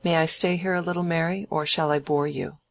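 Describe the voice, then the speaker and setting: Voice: mid-range voice, steady tone, fairly quick, gravelly, lightly acted. A reader voicing an idle, proud young man in a novel, talking brashly and emphatically. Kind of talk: audiobook dialogue reading.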